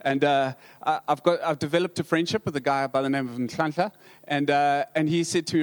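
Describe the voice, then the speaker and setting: A man with a South African accent, a pastor telling humorous stories in a sermon, halting with many restarts and dry humor. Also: on the high side, steady tone.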